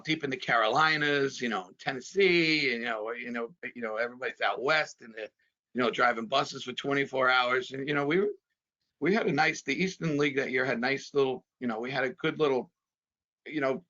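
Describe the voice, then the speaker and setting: A man in his fifties from New Jersey, a former pitcher, rambling through memories in a casual chat full of fillers. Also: a little fast, bright, forceful tone. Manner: rambling, many fillers, chuckles often. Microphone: video call. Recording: dull video-call audio.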